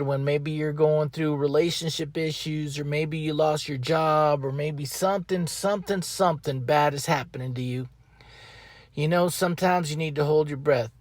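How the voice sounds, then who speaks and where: A man hosting his own podcast talks in a loose, folksy ramble, circling back and repeating his phrases. His voice sits a little higher than most men's. The sound is dry and close, with no room echo. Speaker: podcast host. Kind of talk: casual motivational monologue. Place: outdoors up in a tree.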